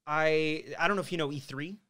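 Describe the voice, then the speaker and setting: A man's voice: on the high side, fairly quick, bright, forceful tone. A young man from Montreal, a podcast guest in a studio, telling his story in a loose, casual way with plenty of swearing. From Montreal, Canada.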